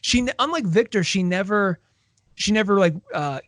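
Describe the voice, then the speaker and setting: A man with a notably high speaking voice co-hosts a casual book-club podcast. He retells scenes with energy, slipping into quoted dialogue. The sound is dry and close, with no room around it. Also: moderate pace, no room sound. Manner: animated retelling, acts out quoted lines. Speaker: podcast co-host.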